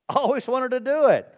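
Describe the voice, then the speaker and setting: A man's voice: very high-pitched, pitched above the performer's own voice, exaggerated voice. A man preacher voicing a nervous male taxi driver in a joke, who stammers and blurts things out. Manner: hesitant, then excited. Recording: long reverb of a church hall.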